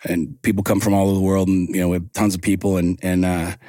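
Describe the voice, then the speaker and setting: A man in his forties talks bluntly and swears freely as a podcast guest, building his stories with rising passion. His voice sits fairly low, and the recording is dry and close, with almost no room sound. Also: little pitch movement, fast talker, dark tone, dry recording. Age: 40s. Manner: blunt, profane, impassioned storytelling. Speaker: podcast guest, men's coach. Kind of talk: casual interview talk.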